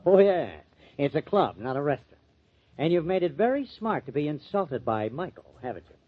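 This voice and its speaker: An actor playing a glib, fast-talking press agent in a 1940s radio drama. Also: male voice, fairly high pitch, sing-song, husky. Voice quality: glib, coaxing. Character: breezy, fast-talking male press agent, young adult. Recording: muffled old radio recording.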